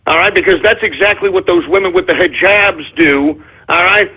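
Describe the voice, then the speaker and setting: A very high-pitched man ranting on talk radio, his voice husky and rough. He breaks into loud, exasperated shouts. The sound is thin and phone-like. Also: normal speed. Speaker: radio talk show host. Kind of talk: ranting call-in radio monologue. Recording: tinny phone-line audio.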